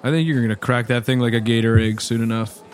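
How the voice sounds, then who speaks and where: A man's voice: medium pitch, level tone, fast talker. A man co-hosting an improvised comedy podcast, bantering and cracking jokes. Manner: joking banter.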